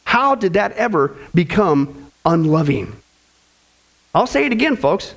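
A male preacher with a strikingly high voice delivers a fervent sermon. He leans on rhetorical questions and direct address to the congregation, pressing each point with emphasis. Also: big pitch swings, unhurried, creaky. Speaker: preacher teaching a Bible study.

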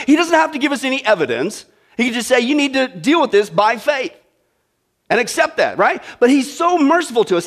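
A male pastor with a notably high voice, preaching in a chatty, joking manner. He keeps checking in with the congregation, tossing out "right?" and "okay?" between points. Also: a bit bright. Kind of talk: sermon.

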